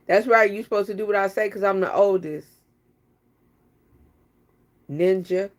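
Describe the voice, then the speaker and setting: A woman chatting casually on a live stream, teasing and talking straight to her viewers. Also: medium pitch.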